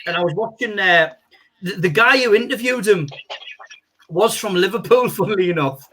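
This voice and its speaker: Bright, high-voiced man chatting. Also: moderate pace, a little hiss or hum. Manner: rambling, animated, lots of "you know". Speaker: guest comedian and impressionist. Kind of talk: casual chat on a video call.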